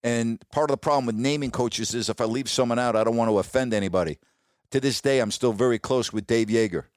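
A man's voice: quick pace, no echo. Reminiscing middle-aged male sportscaster, dry sound. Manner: warm, reminiscing, quotes others in a lowered voice. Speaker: sports broadcaster, podcast host. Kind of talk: casual storytelling monologue.

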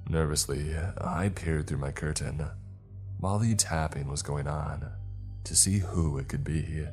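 A man with an extremely deep voice tells a horror story in a slow, measured way. His delivery is very unhurried, and faint music plays softly underneath. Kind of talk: scripted horror narration.

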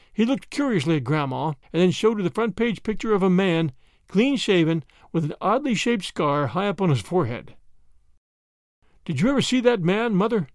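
A man narrating a classic short story in an expressive, measured storytelling manner. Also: sits high, no room sound, studio quality.

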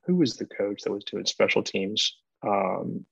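Low-voiced man rambling about football. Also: lively intonation, a little slow, gravelly, a bit bright, husky, no echo, highs cut off. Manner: rambling, restarts often, laughs easily. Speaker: podcast co-host, former player. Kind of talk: casual sports podcast chat.

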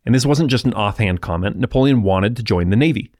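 A man hosting a history podcast, narrating in a relaxed, explanatory way with asides to the listener. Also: fairly low pitch, fast talker, no room sound, studio quality.

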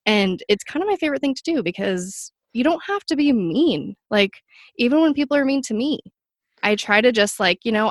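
A woman's voice: on the high side, expressive, brisk, no room sound, clean studio sound. A young woman guesting on a podcast, talking in an earnest, polite way with many "like"s. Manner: polite, earnest, filler-heavy. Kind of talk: casual interview chat.

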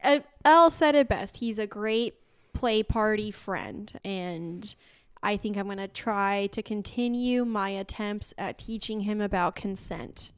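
A woman's voice: medium pitch, a little slow, smooth. A young woman co-hosting a podcast, telling candid stories in casual chat, laughing often and using lots of "like". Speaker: podcast co-host.

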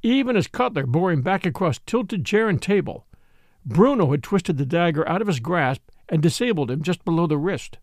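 A man narrating a mystery story aloud in an expressive storytelling style. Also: fairly high pitch, normal speed, no room sound, clean studio sound. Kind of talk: scripted audiobook narration.

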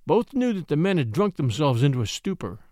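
A man's voice: a little high, sing-song, a little fast, warm tone, dry recording, studio quality. A man narrating a classic short story aloud and hosting a story podcast, reading dramatically. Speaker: audiobook narrator and podcast host.

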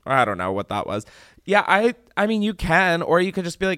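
A man hosting a podcast in casual chat, joking and animated, his voice jumping from loud squeals down to low mutters. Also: brisk, smooth, no echo, clean studio sound. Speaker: podcast host.

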